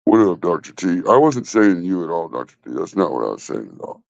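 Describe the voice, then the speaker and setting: A man's voice: low voice, very animated, brisk, vocal fry, dry recording. A man hosting a casual livestream from his phone, rambling and swearing bluntly. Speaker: livestream host. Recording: dull lo-fi phone audio.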